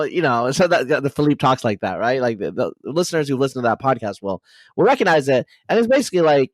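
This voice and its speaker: A man hosting a podcast interview, talking in a rapid, animated way with many fillers and restarts. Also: medium pitch, dry recording. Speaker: podcast host. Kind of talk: casual conversational interview.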